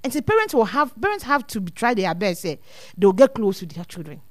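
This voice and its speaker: A woman appears as a guest speaker on child welfare, earnestly advising parents in a casual talk that mixes two languages. Her medium-pitched voice swings widely and moves briskly, and she often repeats words while thinking. The sound is clean studio audio with no echo.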